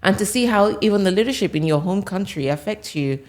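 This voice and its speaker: A woman hosting an interview, asking questions and reacting with quick exclamations. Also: mid-range voice, lively intonation, darkish tone. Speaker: interview host. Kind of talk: conversational interview.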